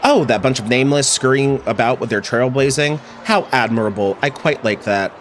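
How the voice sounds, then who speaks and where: A man's voice: medium pitch, a little fast, fairly bright tone, a little hiss or hum, natural voice. Casting: sly, polished journalist, read by a man, theatrical and teasing. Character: smooth, sly investigative journalist.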